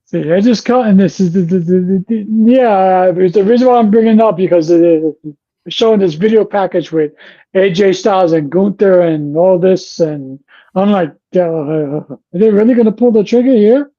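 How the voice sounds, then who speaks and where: A man's voice: high voice, normal speed, mellow, lo-fi sound. A man chatting as a podcast guest, blunt and profane, laughing easily. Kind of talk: casual wrestling chat.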